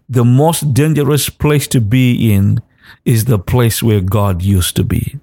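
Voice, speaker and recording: A man preaches in a slow, deliberate cadence, repeating short commands again and again. His pitch sits in an ordinary middle range and often lifts into a half-sung chant. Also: dark tone. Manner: repetitive exhortation, rising into sung cadence; speaks in tongues between exhortations. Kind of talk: sermon.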